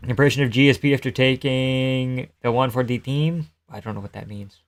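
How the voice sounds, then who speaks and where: A man's voice: mid-range voice, normal speed. A man hosting a live stream who casually comments on fights and reads chat in a loose, joking, profane way and laughs often.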